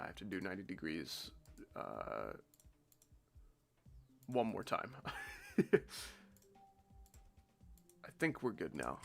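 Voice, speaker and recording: A young man talks casually on a live game stream, congested and nasal. He rambles in an offhand, jokey way, and his gravelly voice rises and falls over a wide range. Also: fairly low pitch, a bit bright.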